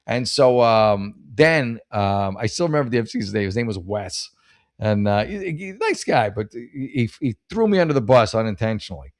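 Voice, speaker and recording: A man's voice: mid-range voice, lively intonation, quick pace. A middle-aged man, a stand-up comedian, telling a rambling, profane, self-mocking story in casual chat. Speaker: comedian hosting a podcast.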